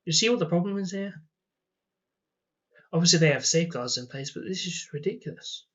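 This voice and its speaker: Young guy, slightly high voice, ranting vlog storyteller, dull lo-fi recording. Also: expressive, a little fast. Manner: rambling and exasperated, many "like"s. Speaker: vlogger. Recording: dull lo-fi sound.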